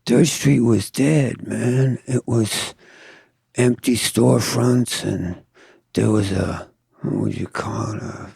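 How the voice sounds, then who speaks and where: A man's voice: fairly low pitch, slow pace, creaky, darkish tone, breathy edge, dry recording, clean studio sound. An older man from Southern California, a tattoo artist telling stories in a laid-back, profane drawl as an interview guest. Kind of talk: casual storytelling.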